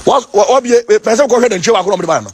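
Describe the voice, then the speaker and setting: A man with a Ghanaian accent, preaching in an excited chanting call-and-response style, repeating his phrases over and over. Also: high-pitched, rapid-fire, background noise. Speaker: self-styled spiritual leader.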